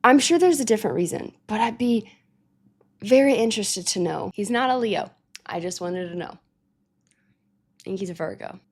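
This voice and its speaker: A woman hosts a music reaction in a loose, casual chat. She talks animatedly, laughs often, and sometimes slips into soft baby talk. Her voice sits at an ordinary middle pitch. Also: lively intonation, moderate pace, long pauses, breathy edge.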